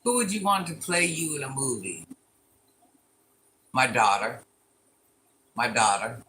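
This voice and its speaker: A woman of about fifty livestreams from her living room on her phone, reading out viewer comments and teasing back playfully, repeating lines and calling herself Granny. Her voice is bass-deep and a bit bright, and she talks a little slowly.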